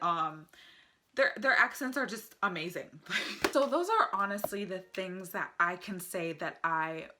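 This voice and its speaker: Bright-voiced chatty American woman. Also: fairly low pitch. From United States. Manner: chatty and enthusiastic, laughs often. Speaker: vlogger. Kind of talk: casual vlog review.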